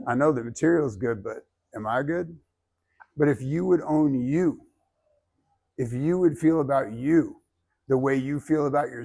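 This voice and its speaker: A man's voice: medium pitch, creaky, a little mellow. A man giving blunt, emphatic feedback as a speaking coach, with some swearing. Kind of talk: workshop feedback.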